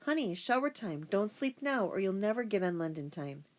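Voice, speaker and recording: A woman reading an audiobook and voicing a kind, practical aunt giving gentle instructions. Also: medium pitch, big pitch swings, normal speed, natural voice. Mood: calm. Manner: gentle, matter-of-fact instructions.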